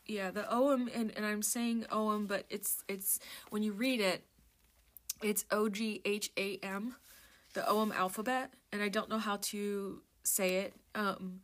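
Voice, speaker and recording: A chatty woman talking to her viewers in an easy, rambling way, breaking off mid-thought and starting over. She drifts into a soft murmur while she reads lists aloud from a book. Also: medium pitch, little pitch movement, measured pace. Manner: rambling, self-interrupting, chatty. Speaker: vlogger. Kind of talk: casual chat while browsing a book.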